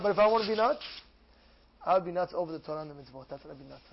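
A man giving an animated Torah class as a rabbi, acting out dialogues and repeating phrases with mounting excitement. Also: high-pitched, fast, highs cut off, a little hiss or hum. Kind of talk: animated sermon.

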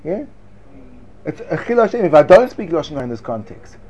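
A man giving a lively Torah class to students, sarcastic and quick to laugh at his own points. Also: fairly high pitch, dull audio. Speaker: Torah teacher.

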